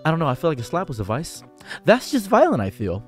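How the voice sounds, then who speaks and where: A commentary channel host with a medium-pitched, animated voice lectures about dating at a very fast pace, sounding sarcastic and preachy. He mocks others with exaggerated voices, and faint music plays behind him.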